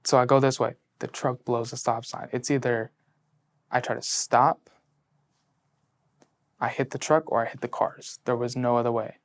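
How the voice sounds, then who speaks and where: A young man in his late teens, just out of high school, earnestly telling his personal faith story in an interview, full of "like" and moving between hushed and excited tellings. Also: moderate pace, long pauses. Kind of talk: personal testimony in a sit-down interview.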